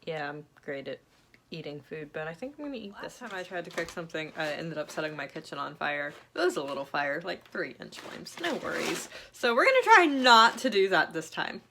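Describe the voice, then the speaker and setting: A woman's voice: low voice, animated, fairly quick, gravelly, fairly bright tone, slight background noise. A young woman vlogging casually about her reading week, chatty and self-deprecating, swearing now and then. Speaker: book vlogger. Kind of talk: casual vlog chat.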